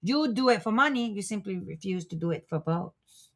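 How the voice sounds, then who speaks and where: A woman's voice: medium pitch, expressive, moderate pace, voice pushed up. A woman voicing a smug male foreign spy who taunts Americans, reading his lines dramatically with a mocking, lecturing tone. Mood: gloating.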